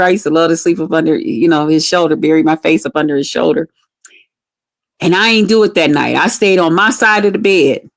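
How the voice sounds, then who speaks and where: A woman telling a personal story to her livestream viewers in casual, frank talk, cursing freely and speaking straight to the audience. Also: lowish voice. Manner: candid, profane, addresses viewers directly. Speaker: livestream host.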